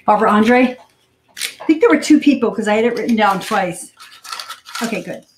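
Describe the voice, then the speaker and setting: A woman hosting a live cooking demonstration in a home kitchen, chatty and hurried, thinking out loud as she works. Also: medium pitch, lively intonation, a little hiss or hum. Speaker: cooking show host. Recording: roomy kitchen with clattering dishes.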